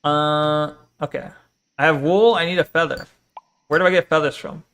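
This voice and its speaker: A man's voice: a little high, steady tone, normal speed, fairly bright tone, a little hiss or hum. A man casually chatting and joking while streaming a game, reading chat aloud and swearing now and then. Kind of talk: casual live game commentary.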